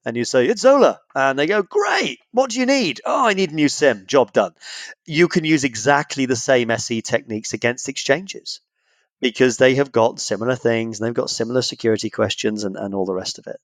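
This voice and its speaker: A man's voice: mid-range voice, fairly quick, no echo. A middle-aged English man, a guest author in a casual podcast interview, joking and acting out phone calls in little voices. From Britain.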